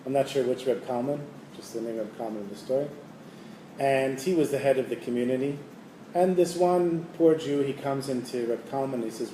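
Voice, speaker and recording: A man telling a religious story in an animated way and acting out the characters' voices. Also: mid-range voice, moderate pace. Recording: echoey room, faint hiss.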